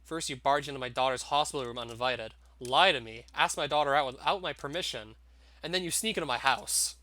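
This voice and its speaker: A man's voice: medium pitch, fairly quick, sharp tone, no echo, close to an everyday voice. A man putting on a sneering abusive father. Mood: menacing, taunting. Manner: taunting, mocking.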